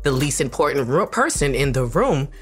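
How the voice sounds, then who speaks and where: Low-voiced tearful woman in her forties. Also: big pitch swings, faint music behind. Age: 40s. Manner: halting, tearful, with many restarts. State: crying. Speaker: podcast co-host. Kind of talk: emotional casual chat.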